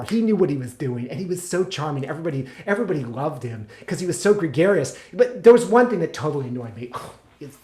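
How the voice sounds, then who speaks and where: A man's voice: fairly high pitch, darkish tone, echoey room. A man performing a comic storytelling monologue, chatty and exasperated. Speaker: solo stage performer.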